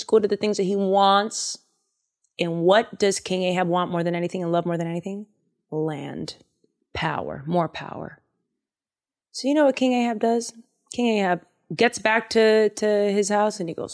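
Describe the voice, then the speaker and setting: A woman's voice: mid-range voice, fairly even intonation, a little slow. A woman in a mid-range voice casually retells bible stories. She jokes as she goes and fills her speech with "uh" and "like," which makes it sound like easygoing talk. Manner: chatty, joking, many fillers.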